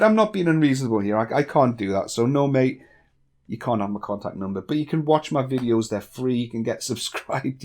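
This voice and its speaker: A man from northeast England with a softened northeast English accent, answering viewer questions bluntly in a casual vlog. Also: mid-range voice. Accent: northeast English, toned down. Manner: blunt, candid, chatty with swearing. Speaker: YouTube tech tutorial creator.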